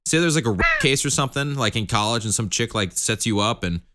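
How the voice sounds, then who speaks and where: A man's voice: mid-range voice, animated, quick pace, a bit bright. A young man co-hosting a podcast, joking and laughing in casual chat and acting out mock dialogue. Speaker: podcast co-host.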